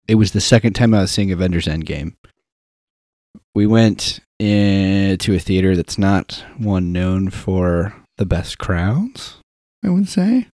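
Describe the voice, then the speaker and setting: A young man chatting casually with friends, telling an animated story and acting out the quotes. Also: low-pitched, no echo, studio quality. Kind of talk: casual chat.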